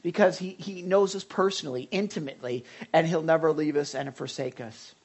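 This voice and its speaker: A man's voice: on the high side, fairly quick, darkish tone, slightly rough. A male pastor preaching in a loose, conversational way, full of stories, fillers and restarts. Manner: rambling, anecdotal, many fillers and restarts. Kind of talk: conversational sermon.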